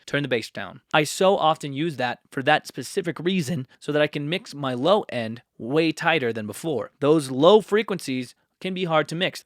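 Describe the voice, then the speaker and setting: Male tutorial host, slightly high voice, casual and self-mocking, close dry mic. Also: fairly bright tone, no echo. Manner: chatty and self-mocking, with quick asides. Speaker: music producer and tutorial host. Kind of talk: casual tutorial, ranking plug-ins. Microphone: close studio mic.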